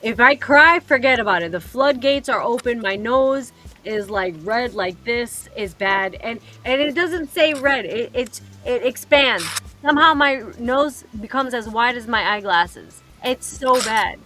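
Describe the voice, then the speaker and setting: A woman chatting casually as a podcast guest, animated and self-mocking. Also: on the high side, a little slow, hardly any pauses. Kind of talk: casual chat.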